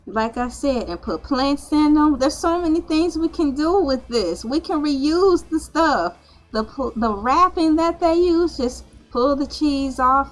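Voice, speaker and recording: A woman hosting her vlog, rambling and joking in a playful casual monologue. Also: high-pitched. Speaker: vlog host.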